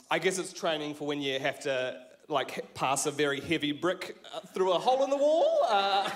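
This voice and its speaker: A man's voice: on the high side, fairly bright tone, a little hiss or hum. A man from New Zealand in his thirties with a New Zealand accent, doing a self-deprecating stand-up set on stage. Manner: wry, self-deprecating, laughing at his own lines. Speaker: stand-up comedian.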